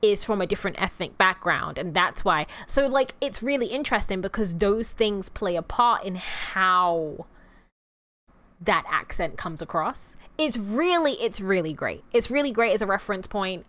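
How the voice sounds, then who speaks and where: A woman's voice: mid-range voice, animated, normal speed, a bit bright. A woman streaming and chatting casually with her viewers, rambling in a playful, talkative way. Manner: addresses viewers as "you guys" and "y'all". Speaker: VTuber streamer.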